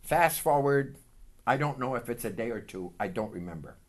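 A man's voice: medium pitch, expressive, moderate pace. A man preaching, telling a story from his life in a sermon and acting out the dialogue.

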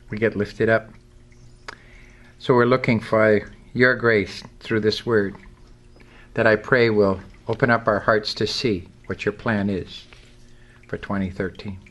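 A male pastor giving a sermon, reading scripture and leading the congregation in call-and-response. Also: lowish voice. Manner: emphatic preaching, leads call-and-response.

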